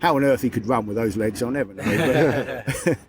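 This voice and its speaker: Male fan guest, eager and halting, outdoors with faint background noise. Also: mid-range voice. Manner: enthusiastic, searching for words. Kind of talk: casual chat. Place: outdoors at a stadium.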